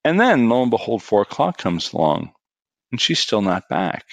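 A middle-aged man recounts a story in a fairly low voice, casual and animated, pushing his voice up as it builds to the punchlines. The sound is dry and close, with no room around it. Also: moderate pace, vocal fry, no echo.

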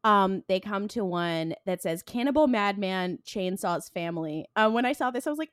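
A woman co-hosting a podcast, casually recapping an episode, retelling scenes with quick bits of quoted dialogue and frequent ums. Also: medium pitch, lively intonation, no echo, clean studio sound. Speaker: podcast co-host.

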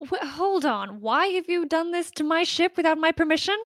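A woman's voice: very high voice, expressive, normal speed, fairly bright tone, dry recording, clean studio sound. A woman playing in a tabletop game, dramatic and exasperated in her reactions. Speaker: player. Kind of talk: tabletop role-play.

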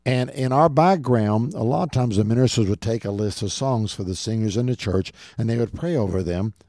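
A man's voice: medium pitch, fairly quick, warm tone, no echo, clean studio sound. A middle-aged man preaching a radio sermon, earnestly and directly calling his listeners "folks". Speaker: radio show host and preacher.

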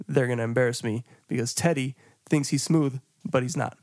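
A man's voice: medium pitch, brisk, a little mellow. A man on a podcast telling an embarrassing story in casual, profane chat, breaking into laughter and acting out what he said. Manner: profane, laughing storyteller who acts out his own lines. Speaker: podcast co-host.

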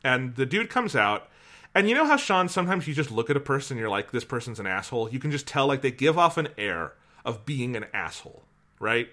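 A man hosting a podcast, telling a long story in an animated, casual way and swearing freely. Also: mid-range voice, fairly quick. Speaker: podcast host.

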